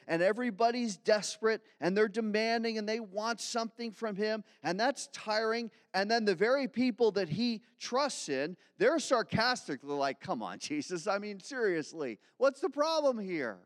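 A male pastor from Philadelphia giving a conversational, self-deprecating sermon. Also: high-pitched. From Philadelphia, USA. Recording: long hall reverb.

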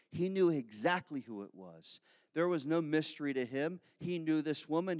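A man's voice: on the high side, no echo, clean studio sound, in a large hall. A man in his fifties preaching a sermon in a chatty way, slipping into acted asides. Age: 50s. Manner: conversational preaching, growing animated with acted asides. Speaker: pastor.

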